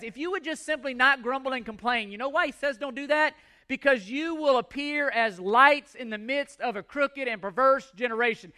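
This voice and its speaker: Male pastor delivering an emphatic sermon; bright, forceful tone. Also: very high voice. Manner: emphatic preaching with repeated phrases and scripture readings.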